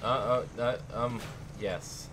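A man's voice: medium pitch, steady tone, takes it slowly, noisy background. A young man giving jokey, playful commentary on a video game as he plays. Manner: jokey, playful, hums silly tunes. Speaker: gameplay commentator. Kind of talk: casual let's-play chat. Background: game music.

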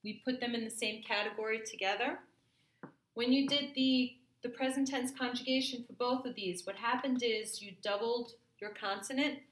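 A woman's voice: on the high side, steady tone, normal speed. A woman teaching a French grammar lesson to her class, patiently checking in with "okay?" as she goes. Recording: echoey room.

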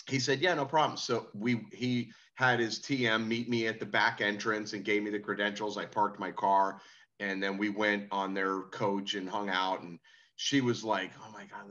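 A laid-back man telling a long anecdote as a podcast guest, his voice bright and forward in tone. The audio sounds a little dull and lo-fi, like a remote call. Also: on the low side. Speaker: musician guest. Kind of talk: casual interview storytelling.

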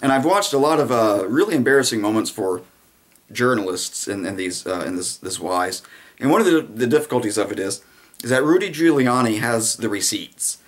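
A man's voice: mid-range voice, lively intonation, fairly quick. A man giving a casual, sarcastic political commentary monologue, rambling with frequent fillers.

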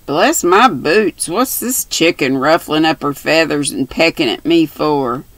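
A woman voicing a lazy, teasing young man from college, with a slow drawl and a gravelly edge. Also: low voice, expressive, dry recording, full character voice.

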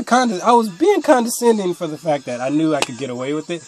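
A young man telling rambling stories to camera in a blunt, casual way, swinging from mutters to loud outbursts. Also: fairly high pitch, sing-song, brisk, hardly any pauses. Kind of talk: casual storytelling monologue.

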